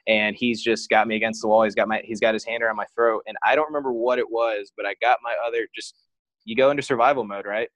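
A man's voice: on the low side, fairly even intonation, quick pace, a bit bright, dry recording. A man talking as a podcast guest, telling a personal story openly and casually, with lots of "like" as filler. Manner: frank and open, heavy use of "like".

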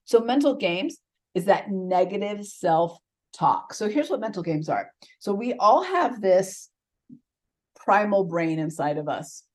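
Woman, podcast host, motivational talk, lowish voice, conversational. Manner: conversational, lively storytelling with asides.

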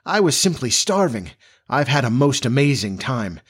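A man doing a weary, hungry gentleman inventor. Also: mid-range voice, very animated, moderate pace, slightly rough. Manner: terse, tired, insistent.

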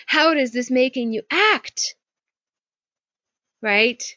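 A woman business coach telling a story on a video call, lively, with many rhetorical questions. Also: high voice, takes it slowly, no echo. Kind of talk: casual talk on a video call. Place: home porch. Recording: dull, muffled video-call audio.

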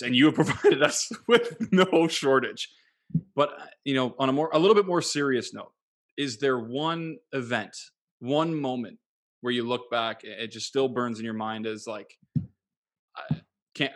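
A man's voice: mid-range voice, moderate pace. A male podcast host with a mid-range voice asks his guest long, loose questions. He keeps things casual and laughs easily. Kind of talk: casual interview.

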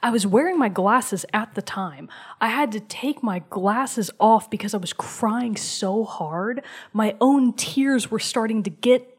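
A woman hosting a show, casually recounting a video game story and dropping into a soft whisper for emphasis. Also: a little high, a little slow, few pauses, breathy edge. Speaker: show host.

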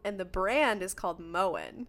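A young adult woman co-hosting a casual chat podcast, chatty and quick to laugh. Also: mid-range voice, fairly bright tone. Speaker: podcast co-host.

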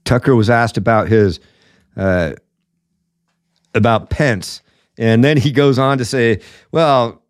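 A man's voice: mid-range voice, slow pace, long pauses, dry recording, clean studio sound. A man hosting his own political commentary show, blunt and emphatic, calling it as he sees it between frequent fillers. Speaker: podcast host.

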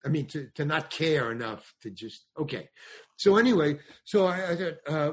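A man's voice: a little high, moderate pace, husky. An older man with a slightly raised voice rambles through a story from his acting days. He slips into the voices of the people he quotes and keeps circling back with restarts and asides. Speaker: guest, comedian and actor. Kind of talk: anecdotal interview storytelling.

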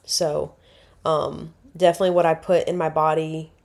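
A woman's voice: low-pitched, little pitch movement, moderate pace, creaky, darkish tone. A woman, hosting a casual solo podcast and rambling chattily, correcting herself as she goes. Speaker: podcast host.

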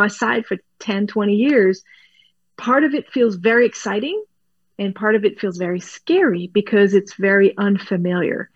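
A woman's voice: medium pitch, no room sound, lo-fi sound. A woman guest in an interview, explaining animatedly, laughing often and restarting words as she goes. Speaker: guest expert.

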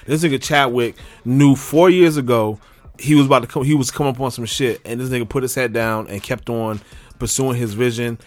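A man's voice: medium pitch, steady tone, brisk, a little mellow, no room sound. A man co-hosting a casual sports podcast, stubborn and argumentative, often restarting his sentences. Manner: stubborn, argumentative, stumbles on starts. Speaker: podcast co-host.

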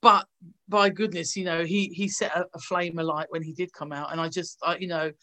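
A woman from England, an actress guest telling animated anecdotes over a video call and acting out the voices of the people in them. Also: on the low side, brisk.

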